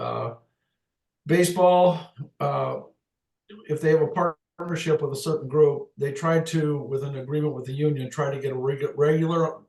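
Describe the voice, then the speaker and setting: An older man recounts his days as an umpire in an animated, joking way, often breaking into laughter. His voice sits at an ordinary pitch for a man. The room around him is noticeably echoey. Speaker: retired MLB umpire, guest. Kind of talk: casual storytelling in an interview.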